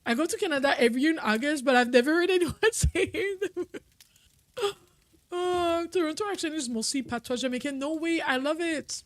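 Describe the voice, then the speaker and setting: A woman's voice: high-pitched, fairly quick, no room sound. A young woman streaming a video game, chatting casually and rambling with frequent laughs. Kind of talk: casual gameplay commentary.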